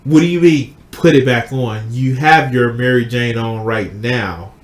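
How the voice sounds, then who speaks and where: A podcast host with a mid-range voice, speaking a little slowly in an echoey room, retells a film plot during a casual chat. He's animated, swears a lot, and acts out the quotes.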